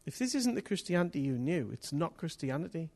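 High-voiced preacher man, swinging from hush to shouting. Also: brisk. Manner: swings from hushed to excited shouting; lively storyteller with local place names and slang. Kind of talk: sermon with storytelling.

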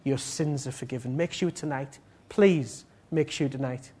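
A man preaching a sermon and leading prayer, swinging between loud pleading appeals and soft, low passages. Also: normal speed, husky.

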